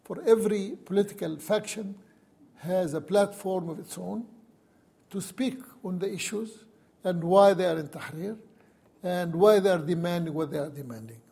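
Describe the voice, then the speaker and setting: A man's voice: high voice, normal speed, creaky, mellow, husky. A man, a university professor, telling a personal story and recounting events with wry chuckles.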